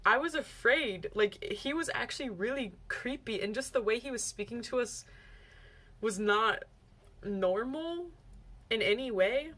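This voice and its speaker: Chatty young woman vlogger, fairly high voice. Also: measured pace. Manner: animated, chatty, quoting friends in bursts. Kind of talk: casual storytelling to camera.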